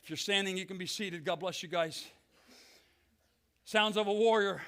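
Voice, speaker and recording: A middle-aged man preaching a fervent Pentecostal sermon as pastor, swinging from hushed words to shouts. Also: sits high, moderate pace. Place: church sanctuary.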